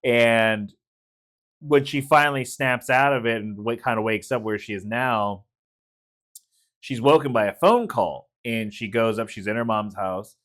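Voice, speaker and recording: A man's voice: mid-range voice, unhurried, fairly bright tone. A man co-hosting a casual movie review, retelling scenes with quoted lines and frequent swearing. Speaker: podcast co-host.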